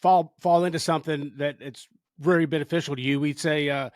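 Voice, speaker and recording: A man's voice: fairly high pitch, steady tone, fairly quick. A man with a Kentucky accent hosting a podcast, talking in a frank, folksy, casual way. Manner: folksy, frank, calls guest bro and brother. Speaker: podcast host.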